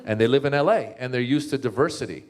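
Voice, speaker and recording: A man, a comedian and author, giving a comic talk to a live audience as an animated storyteller with many restarts. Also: medium pitch, fast.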